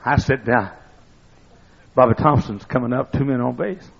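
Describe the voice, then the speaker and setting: An older man preaching a sermon, telling folksy stories that build up to excited shouting. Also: mid-range voice, normal speed, creaky, slightly rough. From East Texas. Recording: dull lo-fi recording.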